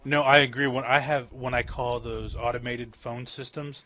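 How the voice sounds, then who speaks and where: Bright man, casual podcast chatter. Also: mid-range voice, flat delivery, normal speed, hardly any pauses, slight background noise. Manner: laughs often, swears casually.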